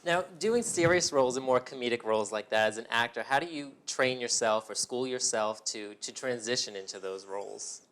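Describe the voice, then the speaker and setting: A man's voice: medium pitch, brisk, hardly any pauses, fairly bright tone. A man with a mid-range voice hosts an interview. He asks his guest questions in an upbeat, admiring, chatty way. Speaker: interview host.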